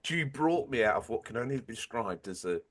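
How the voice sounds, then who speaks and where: A man's voice: mid-range voice, lively intonation, brisk, husky. A man, co-hosting a gaming podcast in casual chat, playful and rambling with tongue-in-cheek tall tales. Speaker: podcast co-host.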